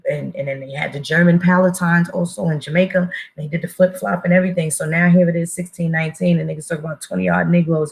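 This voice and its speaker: A woman's voice: lowish voice, vocal fry, rough recording. A woman giving a blunt, profane casual monologue as an online commentator, emphatic and full of restarts.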